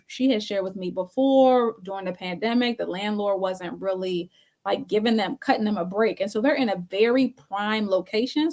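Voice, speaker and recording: A woman's voice: mid-range voice, darkish tone. Chatty laughing woman co-host. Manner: chatty, laughs often between phrases. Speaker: talk show co-host. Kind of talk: casual storytelling chat.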